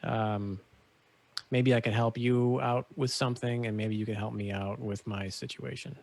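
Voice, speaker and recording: A man playing a tabletop game in character, talking diplomatically with hesitant pauses. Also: medium pitch, fairly even intonation, vocal fry. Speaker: player. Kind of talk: in-character role-play.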